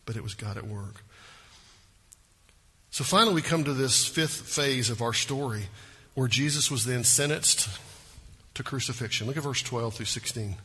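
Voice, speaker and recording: A man preaching with a husky, forceful voice pitched a little high, pressing his points with rhetorical questions. A long reverb from a large hall trails behind every phrase. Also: normal speed. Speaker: pastor. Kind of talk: sermon.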